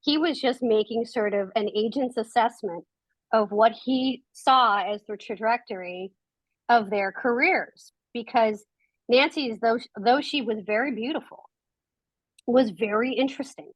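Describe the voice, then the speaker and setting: A woman's voice: on the high side, a little slow, dry recording, rough recording. A woman guest on a podcast, a documentary filmmaker, telling reflective anecdotes in casual conversation. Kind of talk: casual interview chat.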